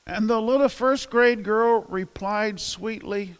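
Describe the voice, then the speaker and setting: This pastor's high, clean voice moves slowly yet with hardly any pauses, echoing in a large hall. He gives a humorous, interactive sermon, chatting with the congregation, cracking jokes and polling them.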